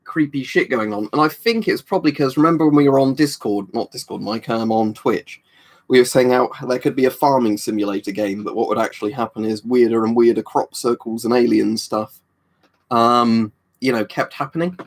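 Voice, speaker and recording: A man's voice: mid-range voice, fairly quick. A British man chatting on a livestream, reading out viewer comments and rambling with many ums and restarts. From United Kingdom. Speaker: livestream host.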